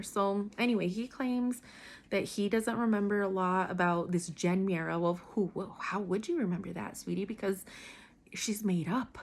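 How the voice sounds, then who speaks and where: A young woman talks straight to the camera and tells her own story. She speaks candidly and with emphasis, and her sentences are full of "like", restarts and asides. Her pitch sits in the middle for a woman. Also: a bit bright. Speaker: vlogger telling a personal story. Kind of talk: casual storytime monologue.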